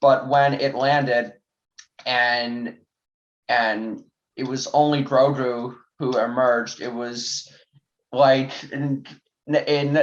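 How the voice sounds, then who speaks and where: A young man in a casual review chat, speaking in a thoughtful, measured way. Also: medium pitch. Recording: dull lo-fi remote mic.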